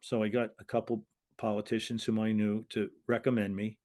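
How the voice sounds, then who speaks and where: A man's voice: on the low side, little pitch movement, fairly quick, mellow. Older American man telling stories. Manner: rambling, acts out quoted voices, frequent restarts. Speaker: guest, retired wrestling referee. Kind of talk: anecdotal interview storytelling.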